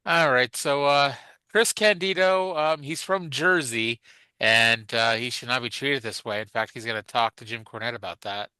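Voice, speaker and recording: A man's voice: medium pitch, steady tone, moderate pace, pushed and bright, clear, resonant tone, dry recording, rough recording. A man hosting a wrestling re-watch podcast in casual chat, joking and swearing freely. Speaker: podcast host.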